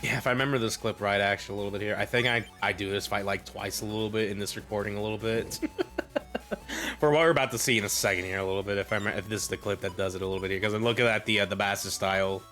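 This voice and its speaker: A man's voice: fairly low pitch, fast talker, a bit bright. A man casually talking over his own recorded gameplay as a streamer, rambling, laughing often and padding his sentences with filler. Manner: rambling, laughs often, repeats "a little bit". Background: faint game music.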